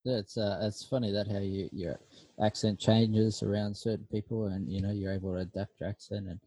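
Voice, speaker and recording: Middle-aged man, low mellow voice, easygoing podcast co-host, dry sound. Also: flat delivery, brisk, no echo. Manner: easygoing, asks questions. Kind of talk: casual podcast chat.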